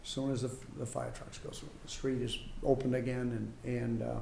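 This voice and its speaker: A man, a former town official, giving an informal report at a public meeting, halting with many fillers and restarts. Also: medium pitch, flat delivery, gravelly, mellow. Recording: echoey room, faint hum.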